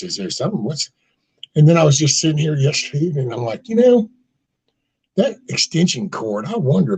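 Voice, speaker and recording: A man's voice: mid-range voice, a little mellow, breathy edge, poor audio. A man hosting a casual chat, rambling through folksy stories with mild cursing and acted-out quotes. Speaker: host of a casual live chat.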